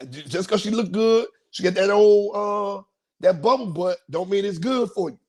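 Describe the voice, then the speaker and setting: A man's voice: high voice, moderate pace. A man hosting a podcast, telling a story in a casual, slangy way and acting out quotes. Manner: animated, slangy, acts out quotes in a raised voice. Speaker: podcast host.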